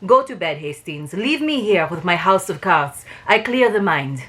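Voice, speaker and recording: A fastidious middle-aged male detective, read aloud by a woman. His phrasing is formal and exact, and the delivery swings through a lively range of pitch. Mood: calm, precise.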